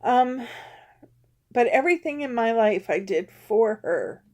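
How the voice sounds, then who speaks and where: A vlogger in her fifties, her voice fairly high, animated, mellow and warm, opens up to her camera. She stumbles along with pauses and ums, emotional enough that she comes close to crying at times.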